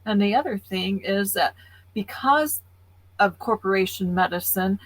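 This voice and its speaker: A woman's voice: medium pitch, lively intonation, unhurried, no room sound, poor audio. Earnest woman podcast co-host, dry sound. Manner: earnest, explanatory. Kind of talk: casual podcast talk.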